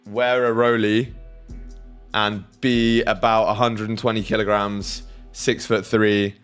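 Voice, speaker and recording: A man's voice: lowish voice, level tone, slow pace, fairly bright tone, smooth, faint music behind. A young man hosting a trading livestream, talking loosely and crudely while reading out viewers' messages. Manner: loose, crude, reads chat aloud. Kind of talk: casual livestream chat.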